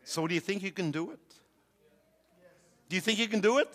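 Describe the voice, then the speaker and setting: Older male preacher, bright, hall echo. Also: high voice, animated, a little fast. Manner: preaching with rising fervor, calls to the congregation. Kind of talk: sermon. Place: church hall with congregation. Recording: long hall reverb.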